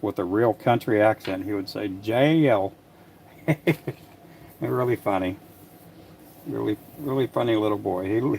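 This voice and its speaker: An older man making fishing lures in his workshop, chatting casually to a livestream audience in a soft, rambling way with frequent restarts. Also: fairly low pitch, gravelly, a little hiss or hum. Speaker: lure maker livestreaming. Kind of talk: casual livestream chat while working.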